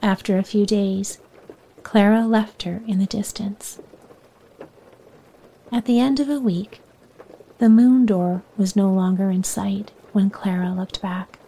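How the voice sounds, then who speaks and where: A woman reading a children's bedtime story aloud in a soft voice that often sinks near a whisper. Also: medium pitch, slow pace, pauses often, poor audio.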